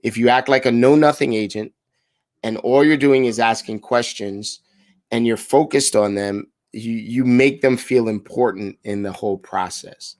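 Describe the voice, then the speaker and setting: A man's voice: medium pitch, normal speed, no echo. A man in a casual, upbeat style making live sales phone calls and coaching the audience between them, often repeating words as he restarts.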